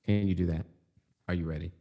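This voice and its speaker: A man co-hosting a casual comedy podcast, telling a story with joking, deadpan delivery. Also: low voice, fast.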